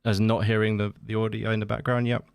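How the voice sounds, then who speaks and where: A man's voice: on the low side, flat delivery, quick pace, creaky, slight background noise. A man hosting a podcast in casual chat, rambling and laughing as he goes. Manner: chatty, laughs often, rambling asides. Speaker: podcast host.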